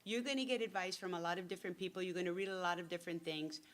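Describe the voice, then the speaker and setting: A woman's voice: on the low side, steady tone, very fast, a bit bright. A woman giving a casual, joking workshop talk as a retail buyer and consultant. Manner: chatty, joking storyteller.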